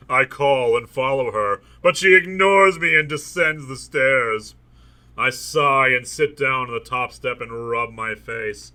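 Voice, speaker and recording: With a mid-range, bright and forceful voice at a measured pace, a man hosts a comedic book reading with commentary. He performs passages from the novel in an exaggerated dramatic style and cuts away for jokey remarks.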